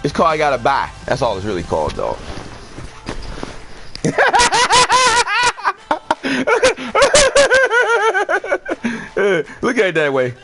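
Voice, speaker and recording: Loud, swearing man streaming a game. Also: medium pitch, wildly swooping pitch, racing, hardly any pauses, faint music behind. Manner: loud, profane, laughing storyteller. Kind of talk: casual live-stream banter.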